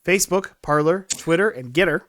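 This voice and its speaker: A man's voice: a little high, moderate pace, a bit bright. A man co-hosting a casual podcast, joking around and reading out the show's sign-off. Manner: jokey, reads off sign-off lines. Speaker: podcast co-host.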